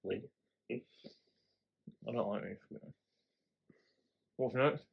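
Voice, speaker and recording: A young man, a podcast co-host telling stories in casual chat, animated and laughing often. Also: fairly low pitch, extremely slow, gravelly, husky, phone-quality sound.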